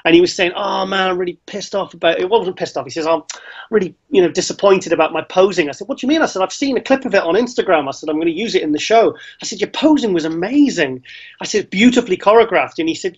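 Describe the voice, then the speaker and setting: Chatty man, high and lo-fi. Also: fast, husky. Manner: excitable storytelling, lots of restarts. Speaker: co-host. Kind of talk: casual chat. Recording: slightly dull lo-fi sound.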